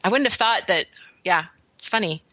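A woman's voice: medium pitch, lively intonation, normal speed, pushed and bright, no echo, muffled recording. A woman co-hosting a podcast in casual chat, talking freely with many fillers and laughs. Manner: chatty, laughing, lots of fillers. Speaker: podcast co-host.

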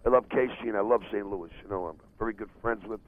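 A man's voice: fairly low pitch, quick pace. A man, a rock singer, talking casually and brashly on a phone interview, heard from an old tape. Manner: brash, friendly, casual with "man" and "you know". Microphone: telephone. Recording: telephone line in archive tape.

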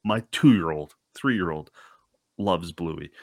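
A man's voice: low voice, animated, slow, creaky, dry recording, clean studio sound. A man in his thirties hosting a casual conversation, chatty and self-deprecating, laughing easily.

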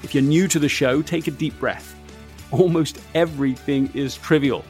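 Man, podcast host, calm, measured, higher-pitched, faint background music. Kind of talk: podcast intro and interview.

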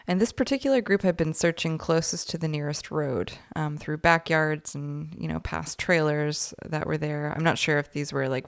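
Podcast co-host, woman: low and gravelly yet smooth, chatty true-crime storyteller, dry close sound. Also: dry recording. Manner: chatty, says "like" often.

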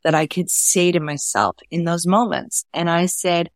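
A woman's voice: on the low side, steady tone, moderate pace, no echo, studio quality. A woman author, a guest on a talk show, telling personal stories in an earnest, conversational way. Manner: earnest, acts out quoted dialogue. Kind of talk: conversational storytelling.

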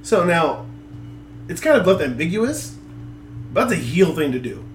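A young man co-hosting a casual wrestling podcast, animated and quick to laugh. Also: a little high, echoey room, soft background music. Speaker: podcast co-host.

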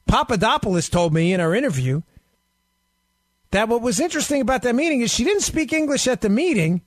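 This talk radio host has a very high, sing-song voice and talks briskly, captured in a dry recording. He argues politics animatedly, addressing listeners directly with rapid-fire rhetorical questions.

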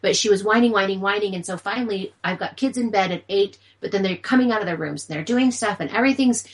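A woman co-hosting a podcast who tells a story in a chatty, animated way. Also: mid-range voice, quick pace, low-quality recording. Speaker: podcast co-host. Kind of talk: casual chat.

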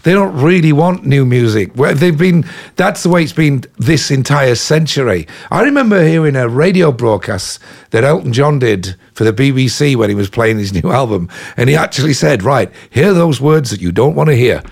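An English man in his fifties tells road stories in a loose, chatty interview, piling on asides and "you know"s. His voice has a gravelly, fried edge at a middling pitch. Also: moderate pace. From England. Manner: chatty, animated anecdotes full of "you know". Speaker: rock musician guest. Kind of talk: casual interview storytelling.

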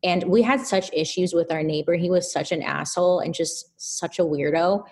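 A woman guest on a podcast, telling a story in a casual, animated way with lots of fillers. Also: on the low side, normal speed, breathy edge. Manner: animated, chatty, filler-heavy.

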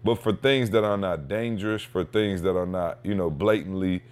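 A man hosting a podcast, telling a casual, slangy story with lively energy and acting out what people said. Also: low voice, moderate pace, clean tone. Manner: animated storyteller, slangy, acts out quotes. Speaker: podcast host; father.

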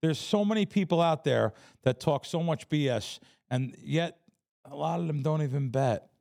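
Talking at a moderate pace with a fairly high, creaky voice, a professional sports bettor from New York's Bronx spins stories in a casual interview. He's blunt and animated.

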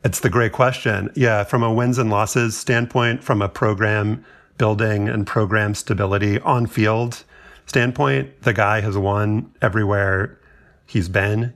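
A man with a Southern accent co-hosting a podcast, talking sports in a wry, unhurried way. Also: on the low side, creaky, a bit bright. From Louisiana. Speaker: podcast co-host. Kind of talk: casual sports chat.

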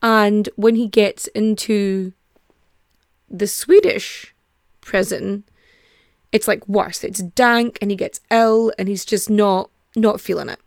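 A woman's voice: mid-range voice, fairly even intonation, slow, no room sound, studio quality. A young woman hosting a podcast, telling a true-crime story in a chatty, digressive way with casual swearing. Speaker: podcast host.

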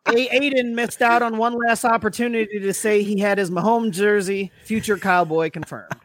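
A man's voice: high voice, steady tone, moderate pace, fairly bright tone, no echo. A man co-hosting a podcast, reading his notes in casual chat, sarcastic and swearing freely. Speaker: podcast co-host.

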